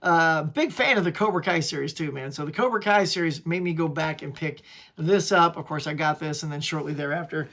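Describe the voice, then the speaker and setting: A man's voice: on the high side, fairly quick, pushed and bright. Man, channel host, casual upbeat show-and-tell at home, says "y'all" a lot. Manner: chatty, upbeat, peppered with "y'all".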